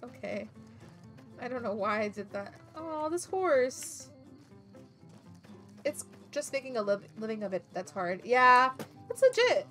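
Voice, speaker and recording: A woman streaming a video game, chatting excitably, laughing often and swearing casually. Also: fairly high pitch, a little slow, long pauses, faint music behind. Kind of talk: casual gameplay commentary.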